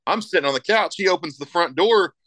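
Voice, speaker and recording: A man's voice: high voice, expressive, brisk, fairly bright tone, dry recording, poor audio. A middle-aged man in casual podcast chat, rambling and emphatic, swearing constantly as he talks about raising his kids.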